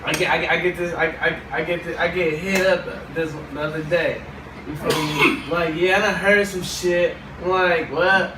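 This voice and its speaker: High-voiced man telling a rambling story. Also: steady tone, normal speed. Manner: rambling, repeats "you feel me". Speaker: podcast co-host. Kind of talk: casual storytelling among friends. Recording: echoey room, distant mic, noisy.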